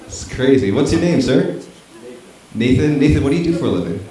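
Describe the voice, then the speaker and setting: In an echoey comedy club full of people, a young Canadian from Northern Ontario does stand-up with crowd work. His medium-pitched voice is expressive, a little fast and dark in tone, and his banter is casual, profane and self-mocking.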